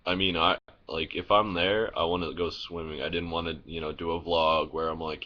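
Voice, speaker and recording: Low-voiced young man rambling. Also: flat delivery, brisk, few pauses, dull audio. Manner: rambling, full of "like" and restarts, laughs at his own stories; swears casually. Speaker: vlogger. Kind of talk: casual vlog storytelling. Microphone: phone.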